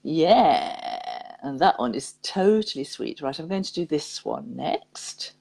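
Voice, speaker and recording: A woman with a notably low voice presents on the radio, reading listeners' poems aloud. She reads slowly and tenderly, then slips into easy, laughing banter with her co-host. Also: expressive, vocal fry, mellow. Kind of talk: radio chat and poetry reading.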